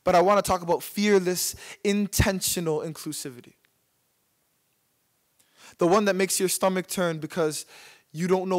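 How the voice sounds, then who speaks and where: A young man from Canada speaks on stage, and his voice sits high for a man. He tells a personal story in a rhythmic, impassioned way and repeats phrases for emphasis. It sounds like a spoken-word talk given to a live audience.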